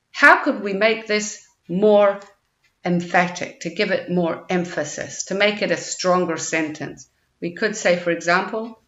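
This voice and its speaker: A woman delivers a recorded grammar lecture at an unhurried pace, reading out example sentences and explaining each one patiently. Her voice sits at a middle pitch. The sound is slightly muffled and carries the echo of a bare room. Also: a bit bright. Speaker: IELTS teacher.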